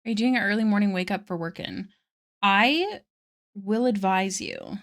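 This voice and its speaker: A woman on a home live stream, chatting easily with her viewers and laughing often. Her voice sits at a middling pitch, and she answers the chat as it comes in. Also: moderate pace. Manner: chatty, giggly, reads chat aloud. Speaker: art streamer.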